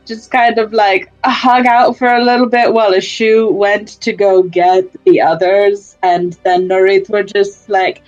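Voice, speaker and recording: A woman's voice: medium pitch, lo-fi sound. A woman casually recapping a tabletop game session, rambling, swearing and laughing as she goes. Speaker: player giving a session recap.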